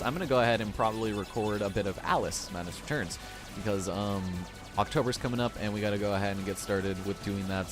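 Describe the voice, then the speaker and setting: A young man with a lowish voice rambles through casual let's-play commentary, cracking jokes and laughing as he goes. Game music plays clearly behind him. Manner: rambling, chatty, laughs often, jokey. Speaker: gameplay commentator.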